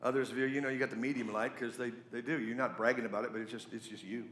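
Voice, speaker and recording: A man's voice: mid-range voice, very fast, reverberant, a little hiss or hum. A middle-aged man preaching a sermon, telling stories with jokey asides. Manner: storytelling, animated, jokey asides. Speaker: pastor.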